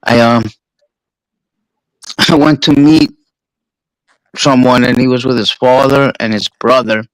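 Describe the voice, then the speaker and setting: A man's voice: mid-range voice, measured pace, long pauses, clear, resonant tone, dry recording, rough recording. Profane New York man telling stories. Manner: profane, animated storyteller. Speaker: streamer. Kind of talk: casual storytelling chat.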